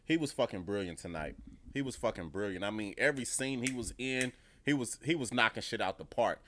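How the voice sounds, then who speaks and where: A man's voice: fairly low pitch, animated, fairly quick, fairly bright tone, a little hiss or hum. A man giving a casual reaction review of a TV episode, profane and emphatic, often repeating his points. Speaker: TV show reviewer.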